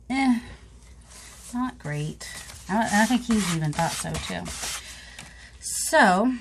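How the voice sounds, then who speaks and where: A woman chats away to her viewers as she works on a craft, wandering off topic and poking fun at herself. Her voice sits at an ordinary middle pitch, and a faint hiss runs under it, broken by small clicks. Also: low-quality recording. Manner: rambling, self-mocking, talks to viewers while working. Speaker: craft vlogger. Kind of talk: casual chatty crafting vlog.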